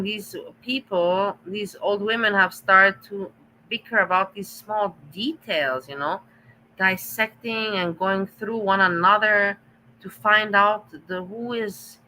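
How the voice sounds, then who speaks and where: A stream host with a very bright, sharp voice talks over clips in a casual, chatty way. The host sounds exasperated and mocking, and a faint hiss sits behind the voice. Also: medium pitch, slow, poor audio. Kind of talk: casual reaction commentary.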